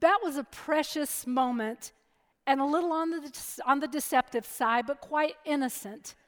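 A middle-aged woman preacher giving a sermon and telling a personal story in a lively, chatty way. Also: high-pitched, moderate pace. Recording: long hall reverb.

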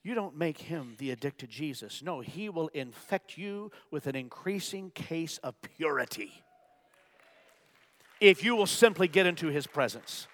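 Male preacher, sermon, high voice, long church reverb, dramatic loud-soft swings. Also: expressive, measured pace. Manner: dynamic, swings from loud emphatic bursts to hushed near-whispers; acts out gasps for effect.

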